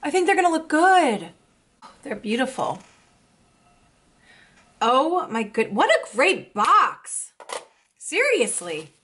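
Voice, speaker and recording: A young woman vlogger chatting casually as she unboxes makeup, gushing and excitable. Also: high-pitched, slow, pauses often. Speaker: beauty vlogger.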